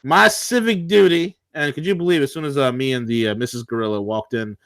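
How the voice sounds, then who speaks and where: A combative, sarcastic man co-hosting a political talk show. He rants in a middle-pitched voice, and the studio sound is dry and close. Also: brisk, fairly bright tone, no room sound.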